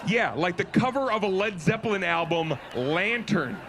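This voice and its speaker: Animated high-voiced male storyteller. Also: normal speed, noisy background. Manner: animated, self-mocking, laughs at own stories. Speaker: podcast host and comedian. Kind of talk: comedic storytelling.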